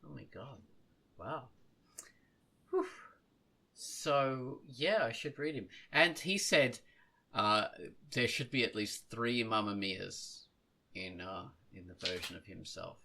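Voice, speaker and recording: A man's voice: mid-range voice, slow, vocal fry, sharp tone. A man hosting a casual podcast, rambling, correcting himself and laughing at his own slips. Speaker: podcast host.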